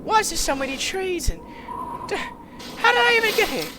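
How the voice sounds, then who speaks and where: A panicky stranded time traveller yelps and repeats himself frantically, played by a woman. The voice sits extremely high and swings widely up and down. Steady noise hisses under the amateur comedic recording. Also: brisk. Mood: frantic. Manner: frantic, repetitive exclamations.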